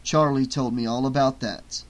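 A man's voice: medium pitch, fairly even intonation, moderate pace, close to an everyday voice. A man reading a worried earnest young man. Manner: earnest, lecturing, tired. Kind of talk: audiobook character voice.

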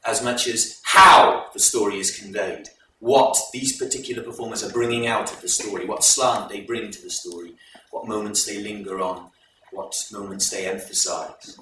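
Bright-voiced man retelling a folk tale. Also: on the low side, fairly even intonation, slight background noise. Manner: measured, explanatory retelling. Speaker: presenter introducing a folk performance. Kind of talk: live storytelling to an audience. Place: live event hall. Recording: echoey hall recorded from far off.

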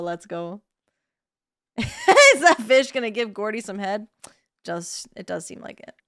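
A woman's voice: mid-range voice, measured pace, long pauses, smooth, no echo, clean studio sound. A young woman streaming a game, joking with crude asides and chatting casually.

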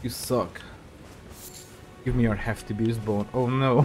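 A young man talks through his game in a loose, joking way, cursing at the enemies and chatting to the creatures on screen. His voice sits at an ordinary middle pitch. Faint music plays underneath. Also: sing-song, slow, a little mellow. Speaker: gaming video creator. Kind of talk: casual gameplay commentary.

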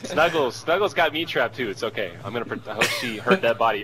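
A man doing joking, exaggerated commentary over a shooter match, cheering loudly at big plays. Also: mid-range voice, animated, fast talker, hardly any pauses, a crowd in the background, rough recording. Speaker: gameplay commentator. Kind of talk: mock commentary over gameplay.

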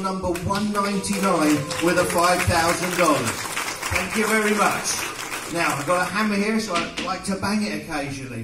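Joking English auctioneer in an echoey hall. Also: male voice, high voice, recorded from a distance, noisy background. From England. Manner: joking, coaxing, rapid-fire bid calling. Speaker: charity auctioneer. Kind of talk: live fundraising auction patter. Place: event hall with an audience.

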